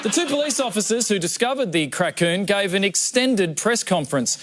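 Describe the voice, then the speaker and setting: A man's voice: high-pitched, animated, brisk, very noisy. A man with an Australian accent hosting a satirical news comedy show, delivering jokes in a dry, mock-serious way. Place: TV studio with audience.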